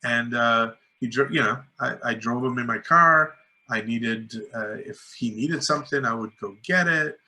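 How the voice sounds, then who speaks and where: This middle-aged filmmaker, a guest in a casual interview, tells lively anecdotes and acts out what people said, using lots of "like" and "you know." His voice is mid-range and moves at a normal speed.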